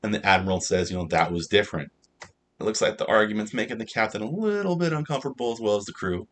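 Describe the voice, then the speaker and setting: Low-voiced man recapping a TV episode. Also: very fast, a bit bright, a little hiss or hum. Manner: loose, filler-heavy retelling. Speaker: TV show reviewer.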